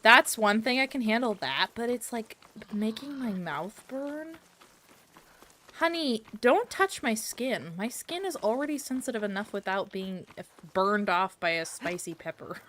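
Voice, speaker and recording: A woman's voice: mid-range voice, moderate pace, sharp tone. A woman streaming as a VTuber, chatting casually and playfully while she plays, rambling from topic to topic and talking back to the game. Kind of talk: casual live-stream chat while gaming.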